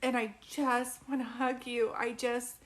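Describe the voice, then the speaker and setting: A young woman with a slightly high voice gives a live reading to one viewer. She talks in a drowsy, halting way, with many fillers and restarts. She is emotional throughout. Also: level tone. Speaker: psychic medium.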